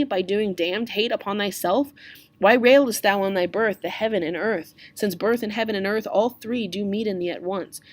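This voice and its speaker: A woman's voice: medium pitch, natural voice. A woman reading aloud as a stern male friar who lectures a young man. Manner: lecturing, reproachful.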